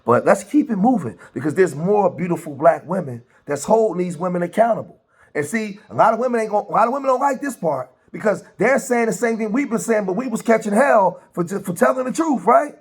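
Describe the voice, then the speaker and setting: A man hosting a casual reaction commentary, talking in an animated, preachy street style and laughing along. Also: sits high, a little fast, husky. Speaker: commentary host reacting to clips.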